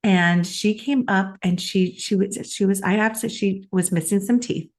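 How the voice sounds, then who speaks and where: A woman's voice: medium pitch, normal speed. A middle-aged woman co-hosting a talk show, telling a personal story in a heartfelt, chatty way. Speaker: podcast co-host. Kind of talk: casual chat.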